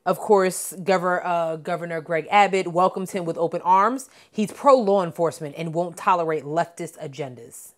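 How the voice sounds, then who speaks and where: A woman's voice: on the low side, normal speed, few pauses. A woman podcast co-host in casual chat, reading news items aloud and adding blunt asides.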